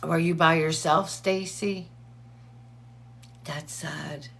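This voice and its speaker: A woman hosts a casual livestream, talking slowly in a low voice. Her tone has a gravelly fry, and she chats warmly with viewers, calling out their names between updates. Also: steady tone, a little hiss or hum. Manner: chatty, greets viewers by name between updates. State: teary eyes from allergies. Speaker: livestream host.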